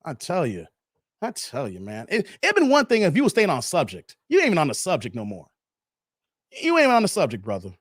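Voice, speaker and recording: A high-pitched man in his thirties rants to his live chat, blunt and full of cursing. His pitch leaps around wildly as he swings from loud outbursts to low mutters, and his voice sounds dry and close. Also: huge pitch swings, fast, no echo. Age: 30s. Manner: blunt, profane, emphatic, repeats himself. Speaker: live stream host. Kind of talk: ranting commentary to a live chat.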